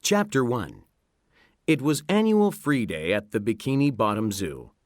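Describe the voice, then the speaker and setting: A man reading a children's story aloud in a slow, expressive narration. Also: medium pitch, no room sound, clean studio sound. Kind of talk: scripted narration.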